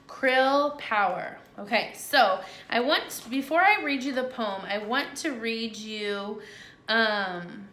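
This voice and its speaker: A woman's voice: on the high side, a bit bright. A woman teaching a lesson to second-graders on video at home, in a cheerful, chatty and encouraging way. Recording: echoey room.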